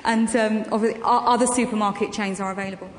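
A woman telling anecdotes on stage in an interview, full of ums and quick laughs. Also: medium pitch, steady tone, noisy background. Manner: chatty anecdotal storytelling with frequent ums and laughs. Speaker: guest actress and comedian. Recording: echoey hall with long reverb, faint ambience.

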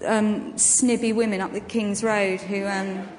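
A woman telling anecdotes on stage in an interview, full of ums and quick laughs. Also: mid-range voice, flat delivery, darkish tone. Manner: chatty anecdotal storytelling with frequent ums and laughs. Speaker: guest actress and comedian. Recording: echoey hall with long reverb, faint ambience.

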